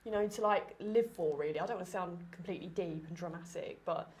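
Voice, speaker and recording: A woman's voice: on the low side, fast. Congested chatty woman podcaster. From Essex, England. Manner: chatty, animated, many fillers. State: congested and tired. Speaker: podcast host. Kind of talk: casual conversation.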